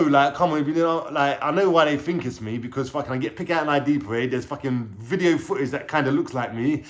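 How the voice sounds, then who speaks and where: Talking fast in a mid-range voice, a London-accented man recounts his life story to camera as a vlogger. He's casual and animated, swearing often and leaning heavily on street slang.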